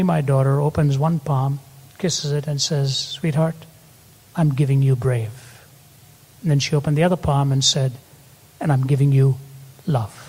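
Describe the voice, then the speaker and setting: A man's voice: fairly high pitch, breathy edge. Older male preacher telling stories. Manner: storytelling, rising to emphatic peaks. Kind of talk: sermon with stories. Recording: long hall reverb.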